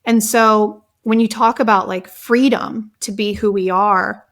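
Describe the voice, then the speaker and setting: A woman guest and author talking casually in an interview, telling stories in a lively way and filling her speech with "like". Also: mid-range voice, a little slow. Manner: animated storytelling, many fillers like "like". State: emotional at times. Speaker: guest, author and somatic practitioner.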